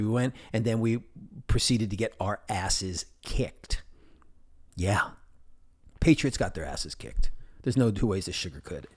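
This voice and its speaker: A middle-aged man from New England talks through a solo podcast in a loose, rambling way. His voice sits somewhat low, and he drifts into jokes and asides. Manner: rambling, jokey, talks to his stuffed animals. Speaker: podcast host. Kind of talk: casual solo podcast monologue.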